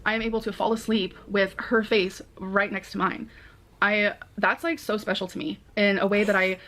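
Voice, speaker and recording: A woman's voice: mid-range voice, level tone, normal speed, fairly bright tone, a little hiss or hum. A woman speaking earnestly in a rambling confessional vlog, full of "like" fillers. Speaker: vlogger.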